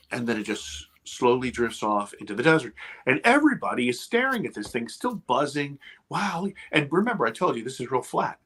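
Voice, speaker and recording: Husky man telling a gripping story. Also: medium pitch. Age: 50s. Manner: intense, swearing, animated retelling. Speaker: podcast guest, TV producer. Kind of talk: emotional storytelling in conversation.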